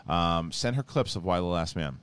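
A man's voice: low-pitched, expressive, normal speed, a bit bright, smooth, no room sound. A man hosting a podcast in a studio, teasing and loose, swearing casually. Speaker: podcast host. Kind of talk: casual chat.

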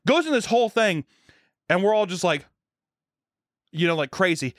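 A man co-hosts a casual podcast, his voice sitting fairly high and swinging widely as he tells stories. He swears freely and laughs often. The sound is dry and close, with no room around it. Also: normal speed, long pauses, no room sound. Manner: animated, profane storyteller who laughs often. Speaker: podcast co-host.

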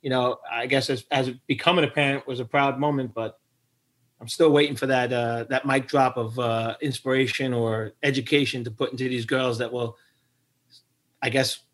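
A middle-aged man answers questions as a guest on a podcast. He speaks reflectively and pauses to search for words. His voice is mid-pitched. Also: steady tone, fairly bright tone. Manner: reflective, hesitant. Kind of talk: casual interview.

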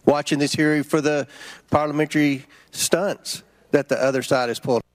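A man's voice: fairly high pitch, steady tone, moderate pace. Firm man chairing a hearing. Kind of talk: formal hearing remarks.

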